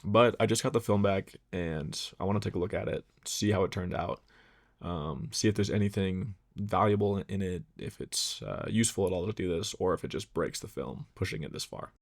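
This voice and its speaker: A young man casually narrating a photography vlog, relaxed and self-deprecating, rambling with fillers. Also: low-pitched, brisk, creaky. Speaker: photography vlogger.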